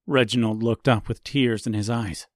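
A man narrating an audiobook in a slow, deliberate, even way. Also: mid-range voice, dry recording, studio quality. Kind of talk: scripted narration.

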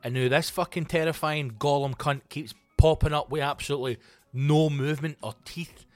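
A middle-aged Scottish man and comedy podcast host, ranting in a loose, sweary, animated monologue. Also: on the high side, normal speed, no room sound, soft background music. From Scotland.

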